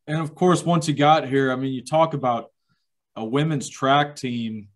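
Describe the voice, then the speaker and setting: Man, interviewer, enthusiastic, halting, filler words, mid pitch. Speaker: interviewer, athletics communications director. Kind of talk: interview questions.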